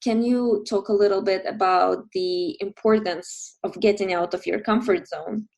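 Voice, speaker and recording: A woman's voice: medium pitch, steady tone, moderate pace, gravelly, a little mellow. A woman hosting a podcast, agreeing with her guest and asking encouraging questions in a conversational interview. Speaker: podcast host.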